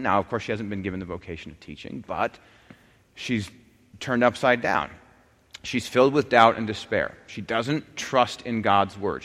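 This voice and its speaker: A man of middle pitch teaches scripture in a lively, digressive way, stumbling and restarting as he goes. His voice carries a long reverb, as if recorded in a large hall. He rises and drops in volume as he builds his points. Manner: animated, many restarts and asides. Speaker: preacher. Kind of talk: Bible teaching.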